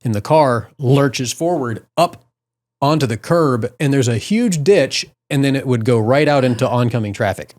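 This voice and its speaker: A middle-aged man spins an anecdote in easygoing podcast chat. His voice sits at an ordinary pitch and stays relaxed. He jumps up into loud, high yelps when he acts out his own panic. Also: moderate pace. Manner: animated storyteller, loud high yelps when quoting himself. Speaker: podcast co-host. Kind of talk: casual storytelling chat.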